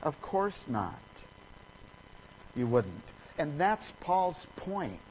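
Stretching out his words, a preacher animatedly recounts a story, acting out each character through abrupt surges in pitch and loudness. There's slight hiss or hum, and the sound quality is poor.

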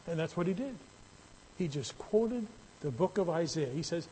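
A man's voice: a little high, lively intonation, normal speed, darkish tone, slight background noise, poor audio. A man preaching a sermon in a conversational way that builds into emphatic, raised passages. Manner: conversational, rising to emphatic bursts. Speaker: pastor.

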